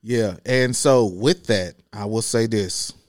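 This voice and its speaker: A man who drives a school bus, chatting casually on a podcast and acting out scenes with quick voiced asides. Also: on the low side, dry recording. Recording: dry close mic.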